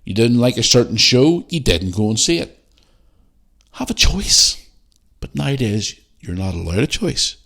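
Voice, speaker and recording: A man's voice: mid-range voice, big pitch swings, a little slow, gravelly, fairly bright tone. A Northern Irish man hosting a podcast, ranting bluntly and animatedly with heavy swearing. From Northern Ireland. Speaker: podcast host. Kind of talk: casual podcast rant.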